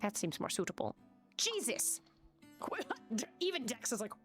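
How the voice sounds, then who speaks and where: A woman's voice: a little high, big pitch swings, a little slow, faint music behind. A woman streaming a game live, chatting casually, swearing and reading the game's text aloud.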